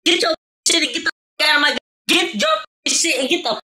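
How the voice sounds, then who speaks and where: A man's voice: very high-pitched, fast, pushed and bright, pitched above the performer's own voice, full character voice. A man voicing a furious cheated-on wife who screams, curses and half-cries. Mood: enraged. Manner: screaming, cursing, half-crying.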